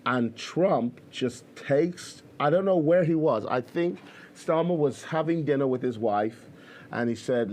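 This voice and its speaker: A man's voice: medium pitch, lively intonation, a little slow, darkish tone. A man hosting a podcast, talking in a loose, chatty way with many fillers and restarts. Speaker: podcast host. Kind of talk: casual commentary.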